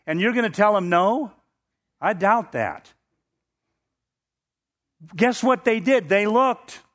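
A man preaching a sermon, retelling a scripture story with animated, emphatic storytelling. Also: fairly high pitch.

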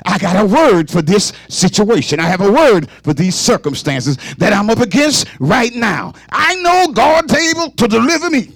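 Man, preacher, fervent sermon, unhurried, husky, dry sound. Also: sits high, no echo. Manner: fervent, call-and-response preaching, rising to shouts.

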